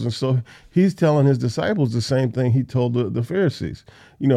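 A man's voice: medium pitch, expressive, fairly quick, creaky, mellow. A man hosting a Bible study podcast, teaching in a casual, conversational way on a close mic. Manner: conversational, with fillers and restarts.

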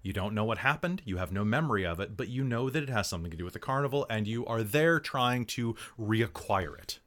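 A man acting as game master, chatting casually and explaining the game setup in an animated, excitable way. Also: on the low side. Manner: animated and excitable, quick asides.

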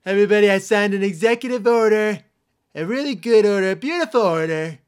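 A man's voice: high-pitched, fairly quick, smooth, pitched above the performer's own voice, close to an everyday voice. A man doing a comic impression of a boastful older male politician who repeats his boasts and rambles. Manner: self-congratulating, repetitive boasts.

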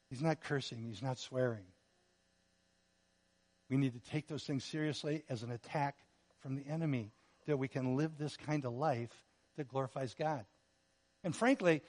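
A man preaching a sermon, earnest and repetitive, swinging between loud emphasis and quiet appeals. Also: on the high side. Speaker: pastor.

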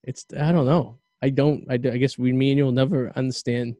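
A man hosting a casual podcast, rambling and stammering as he restarts his sentences. His voice is mellow and dark, at an ordinary pitch. The sound is dry and close, with no room around it. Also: fairly even intonation, a little fast, dry recording. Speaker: podcast host. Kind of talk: casual chat.

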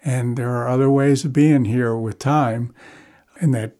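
A man in conversation with another musician, speaking in a measured, thoughtful way about big ideas. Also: medium pitch, steady tone, mellow. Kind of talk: conversational reflection.

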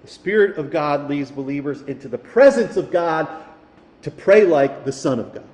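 Male pastor, fervent sermon, slightly high voice, roomy reverberant church sound. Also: animated, normal speed, a little mellow. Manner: rising to fervent, emphatic preaching. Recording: echoey hall, reverberant.

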